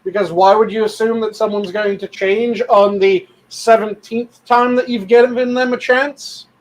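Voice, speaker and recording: A man with a high voice talks in casual podcast chat. He is blunt and swears freely. He explains his points at length. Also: steady tone, normal speed, low-quality recording. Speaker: podcast co-host.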